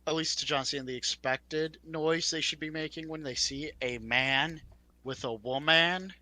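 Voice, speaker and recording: Higher-voiced man in rambling chat. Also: sharp tone. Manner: rambling, halting asides. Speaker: podcast co-host. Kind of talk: casual chat.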